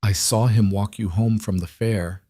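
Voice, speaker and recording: A man voicing a young woman teacher who gently and knowingly advises her friend. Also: fairly low pitch, steady tone, a little slow, no echo. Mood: gently teasing.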